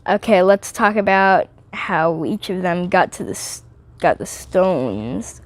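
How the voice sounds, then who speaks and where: A woman's voice: mid-range voice, fairly even intonation, a little slow, no echo. A teenage girl rambling and giggling through a casual movie review vlog, often drifting off topic.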